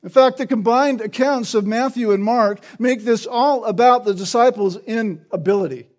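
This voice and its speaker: A man's voice: very high voice, normal speed. A man preaching an expository sermon, explaining the text and often checking in with the listeners through tag questions.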